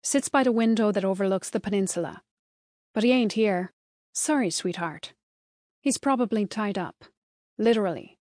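A woman voicing a blunt, sarcastic Irish bartender in her mid-thirties, speaking in a bored monotone in an audiobook. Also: medium pitch, normal speed, pauses often, no room sound, clean studio sound, natural voice. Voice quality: flat monotone, sarcastic and abrupt.

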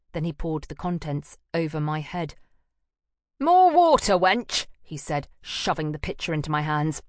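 A woman narrating a first-person fantasy audiobook in an even, measured, subdued manner. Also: low voice, no echo, studio quality.

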